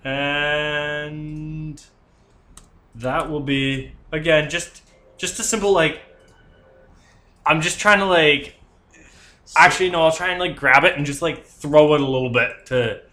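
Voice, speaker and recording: A man's voice: fairly high pitch, steady tone, slow, long pauses, sharp tone. A man playing a tabletop game, rambling through his character's actions with lots of fillers. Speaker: player. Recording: echoey room with faint hiss.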